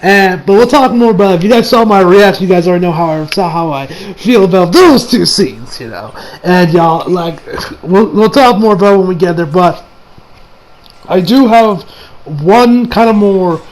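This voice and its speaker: Excitable rambling man with a high voice. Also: moderate pace, poor audio. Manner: excitable, rambling, heavy slang and laughter. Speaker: anime reviewer. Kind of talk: casual video review.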